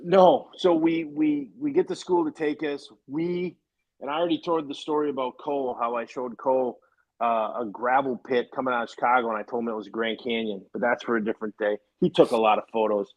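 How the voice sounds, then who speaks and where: A man telling lively anecdotes in casual chat, acting out the quoted lines of the people in them. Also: mid-range voice, fairly quick, muffled recording. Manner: lively, acts out quoted dialogue.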